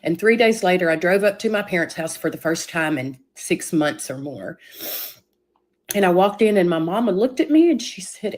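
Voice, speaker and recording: A woman's voice: medium pitch, brisk. A woman telling a personal story earnestly, acting out what people said. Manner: earnest, tearful storytelling with acted-out quotes. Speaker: guest telling her story. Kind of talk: emotional personal testimony.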